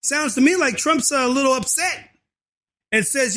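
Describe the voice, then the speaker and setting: High-voiced man ranting fiercely. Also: a little slow. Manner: fiery, keeps shouting and adding "and so forth"; crude slang and cursing. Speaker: vlogger. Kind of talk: ranting political commentary.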